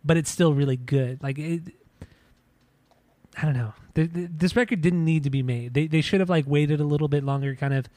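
Guy on a podcast rambling about records, kinda high voice, dry room. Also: fairly even intonation, darkish tone, dry recording. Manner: rambling, halting with restarts. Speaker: podcast co-host. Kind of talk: casual chat.

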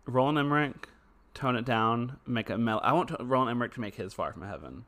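A man co-hosting a podcast, riffing quickly in casual chat and laughing often. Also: mid-range voice, a bit bright. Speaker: podcast co-host.

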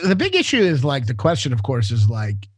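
A man talking in a self-deprecating, animated way in casual podcast chat, stumbling over restarts. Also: mid-range voice, a little fast, husky.

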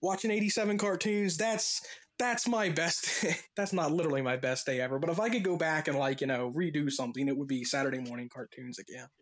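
Animated young man telling stories. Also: fairly high pitch, brisk. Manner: animated storyteller, acts out quoted voices. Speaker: podcast co-host. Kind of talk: casual podcast chat.

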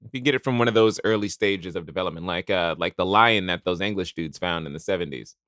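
A man in a casual podcast chat, easygoing and quick to laugh. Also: deep voice, fairly bright tone, no room sound, studio quality.

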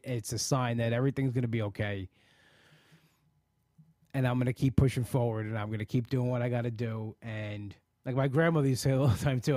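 A man's voice: medium pitch, darkish tone, dry recording, studio quality. A man in his forties hosting a podcast, talking in an earnest, rambling way with many restarts. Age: 40s. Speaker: podcast host. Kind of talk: casual solo podcast talk.

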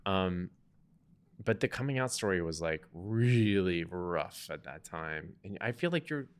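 A man in his thirties co-hosting a podcast, telling a personal story in a chatty, animated way. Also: low-pitched, a little slow, clear, resonant tone. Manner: chatty, animated retelling with quoted dialogue. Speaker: podcast co-host.

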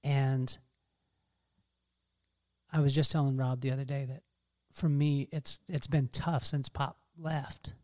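A man's voice: medium pitch, slow, long pauses. A man hosting a podcast in casual chat, telling stories animatedly and laughing often. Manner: animated storytelling, mimics others' voices. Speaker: podcast host.

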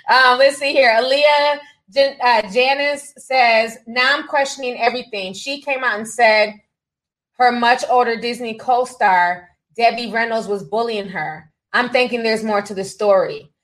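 Unhurried and fairly bright, this woman's voice sits on the high side, though the audio is poor. She hosts a gossip livestream in a chatty, sassy way, reading viewer super chats, laughing frequently, and using "honey" and "child."

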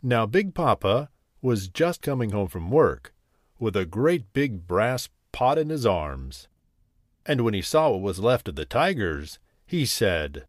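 Man reading a bedtime story slowly. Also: on the low side, no echo, clean studio sound. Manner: slow, lively, sing-song storytelling. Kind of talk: reading a children's story aloud.

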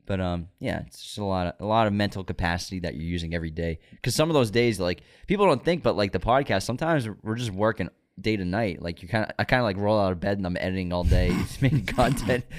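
Low-voiced man rambling casually. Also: fast, hardly any pauses. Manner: rambling, full of fillers and restarts. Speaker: podcast host. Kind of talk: casual chat.

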